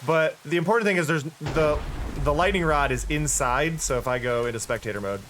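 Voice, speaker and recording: A man's voice: fairly high pitch, fairly quick, background noise. A tired-sounding man streaming a game, thinking aloud in casual commentary with frequent restarts. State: tired, yawning.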